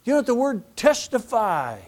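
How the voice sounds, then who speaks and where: A middle-aged pastor with a high voice preaches in a loose, folksy way. He rambles, restarts his sentences and chuckles through his stories. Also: huge pitch swings, normal speed. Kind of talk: sermon with personal storytelling.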